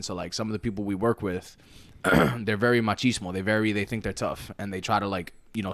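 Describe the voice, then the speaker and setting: A man's voice: on the low side, fairly bright tone. A young man co-hosting a podcast in casual chat, loose and profane with street slang. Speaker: podcast co-host.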